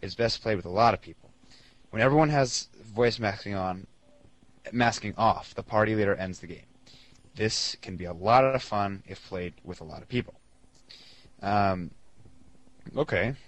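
Young male podcast co-host, lowish voice, rambling and giggly. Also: moderate pace, pauses often, no echo, low-quality recording. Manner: giggly, rambling, laughs often. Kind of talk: casual podcast chat, reading listener mail.

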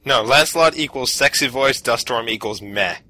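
A man's voice: medium pitch, normal speed, bright, forceful tone, poor audio. A man hosting a casual podcast, rambling loosely and laughing easily. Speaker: podcast host.

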